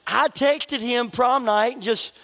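A man's voice: very high-pitched, slow pace, vocal fry, a bit bright, a little hiss or hum. A middle-aged man preaching a sermon in a church, conversational and joking at his own expense. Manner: conversational, joking, laughs at himself. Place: church sanctuary. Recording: long reverb of a large hall.

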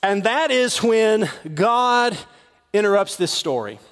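A man's voice: sits high, expressive, slow. A middle-aged male pastor preaching a sermon in a conversational style, repeating words as he builds, in a large church hall. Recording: long hall reverb.

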